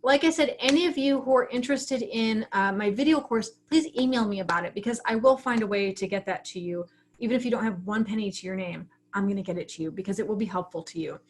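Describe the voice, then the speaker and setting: Woman, writing coach, casual livestream class, chatty, frank, mid-pitched voice. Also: fast. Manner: chatty, frank, often acts out her own thoughts.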